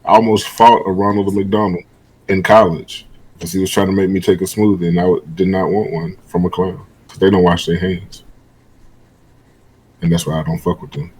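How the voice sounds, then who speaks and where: A man with a somewhat low, husky voice talks as a podcast guest over a video call. He is easygoing and laughs a lot, and he often restarts his sentences. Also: little pitch movement, normal speed, darkish tone, rough recording. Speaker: guest, e-fed runner. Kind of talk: casual podcast chat.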